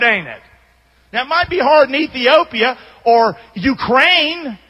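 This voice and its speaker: A man preaching a sermon as a pastor, telling stories in an animated way that swings from loud to hushed. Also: very high voice. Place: church sanctuary. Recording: long hall reverb.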